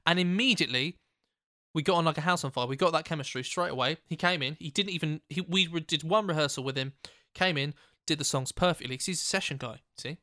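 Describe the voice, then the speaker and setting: A man spins a rambling, sweary anecdote on a podcast. His voice is bright and forceful and sits a little high, recorded dry and close in a studio. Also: quick pace, no echo. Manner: animated, sweary anecdote telling. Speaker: podcast co-host. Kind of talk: casual storytelling chat.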